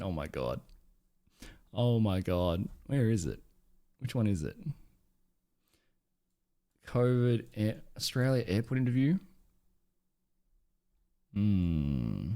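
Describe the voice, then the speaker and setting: A man's voice: medium pitch, big pitch swings, slow, long pauses. A man streaming live, chatting casually and reacting to clips, rambling, swearing and laughing often.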